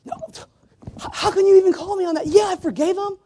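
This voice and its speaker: A man voicing an indignant, defensive churchgoer in a high, squeaky, self-righteous voice. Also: fast talker, warm tone.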